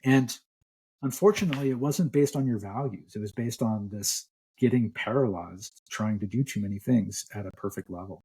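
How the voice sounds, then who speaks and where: A man's voice: on the low side, moderate pace, darkish tone, slightly rough. A middle-aged man, a clinical psychologist, explaining ideas relaxedly in a podcast interview.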